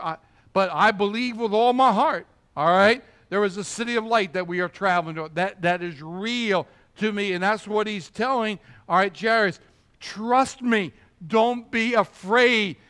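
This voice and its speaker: Brief: male pastor with a high-set voice, emphatic sermon delivery that keeps asking the congregation "all right?". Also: a bit bright, clear, resonant tone. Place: church.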